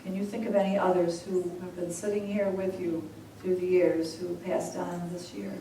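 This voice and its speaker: A woman minister leading a congregation in slow, measured sutra chanting, then speaking softly and conversationally. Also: lowish voice, flat delivery, a little hiss or hum. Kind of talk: call-and-response sutra chanting and sermon. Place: large hall with a congregation. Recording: echoey hall, voice from far off, congregation audible.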